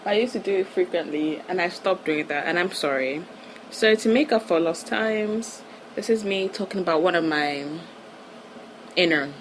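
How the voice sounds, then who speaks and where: A woman from Nigeria rambling through a casual solo podcast, giggling and correcting herself as she rushes along. Her voice sits fairly low, and she sometimes drops to hushed tones. A faint hum of air conditioning runs behind her. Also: poor audio.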